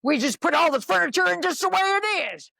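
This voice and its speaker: A woman acting out her own ego, a furious, possessive woman who blusters and threatens in a dry, close sound. The voice rises higher than her usual talk and grows fussy and indignant, spitting out threats and complaints. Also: lively intonation, fairly quick, creaky, pushed and bright, no echo, heavily acted.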